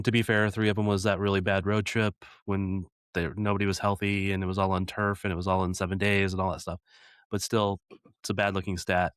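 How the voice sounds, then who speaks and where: Dry, deep-voiced American man. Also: fairly bright tone, smooth, no echo. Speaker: podcast co-host. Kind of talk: casual chat.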